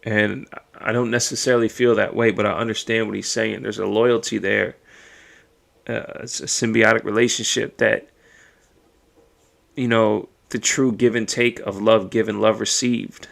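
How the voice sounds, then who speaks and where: Gravel-voiced man in a raw podcast monologue. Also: lowish voice, little pitch movement, moderate pace, a bit bright. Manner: raw, emotional and profane, thinking aloud. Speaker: podcast host. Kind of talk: personal monologue.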